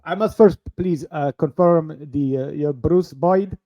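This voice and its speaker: A man's voice: fairly high pitch, unhurried, dark tone, dry recording, clean studio sound. A man voicing an overly polite male call-center agent with a put-on Indian accent. He talks in formal, scripted phrases. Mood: scripted politeness. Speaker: co-host doing a bit.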